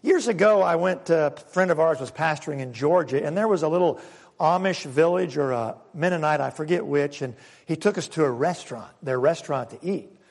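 A man preaches with a high, ringing voice. He leans on single words, pauses for effect and drops to a near murmur before building again. The long echo of a church hall trails after every phrase. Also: creaky. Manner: emphatic preaching with dramatic pauses, swinging from loud to hushed. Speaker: pastor. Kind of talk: sermon.

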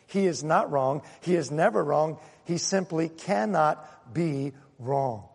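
Gravelly high-voiced preacher in a reverberant hall. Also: male voice, lively intonation, takes it slowly, darkish tone. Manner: emphatic, asks the congregation rhetorical questions. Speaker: pastor. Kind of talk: sermon.

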